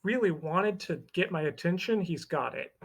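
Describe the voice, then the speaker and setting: A man's voice: sits high, lively intonation, moderate pace. A man chatting casually as a player in a tabletop game, joking about his moves. A faint noise sits behind his voice.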